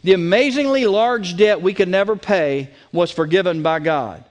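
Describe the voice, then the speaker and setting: Here the pastor's voice sits high and moves at a normal speed. His sermon is emphatic, leaning on repeated key words, with frequent restarts built from stacked "and, and".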